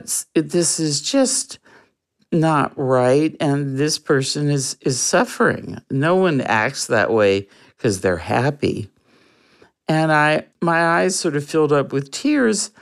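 A guest telling a personal story in an interview, in an earnest, reflective way with soft laughs. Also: mid-range voice.

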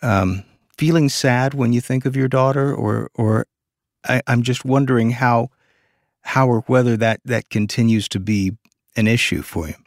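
A man's voice: medium pitch, normal speed, no room sound, clean studio sound. A man interviewing a guest, asking questions in a thoughtful, hesitant way with frequent restarts. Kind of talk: conversational interview.

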